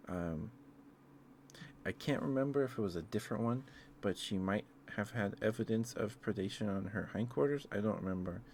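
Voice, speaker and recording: A man rambling in a soft-spoken ASMR style, hesitant and full of fillers, tender and easily moved. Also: lowish voice, normal speed, a little hiss or hum. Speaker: ASMR streamer.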